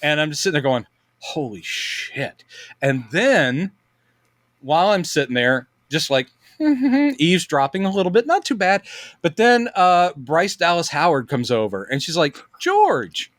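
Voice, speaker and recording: A man's voice: fairly high pitch, sing-song, moderate pace, a bit bright, dry recording, clean studio sound. A middle-aged man co-hosting a casual podcast, telling stories animatedly and acting out quotes in different voices. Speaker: podcast co-host. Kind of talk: casual chat.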